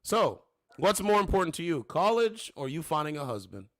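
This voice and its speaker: A man hosting a livestream, casually mocking and trash-talking the people on it with drawn-out taunts. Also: fairly high pitch, sing-song, fairly bright tone, dry recording. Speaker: livestream host.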